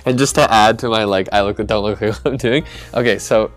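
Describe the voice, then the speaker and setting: Faint music plays behind a young man with a fairly low voice speaking at a moderate pace. Co-hosting a podcast, he casually tells an embarrassing story, rambling, poking fun at himself and laughing often.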